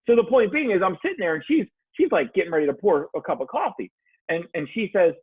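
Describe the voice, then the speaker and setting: A man's voice: high-pitched, quick pace, husky, dry recording. A man talking as a coach guest in a casual podcast chat, telling stories with lots of swearing. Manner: animated storyteller, swears freely. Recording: tinny phone-like line.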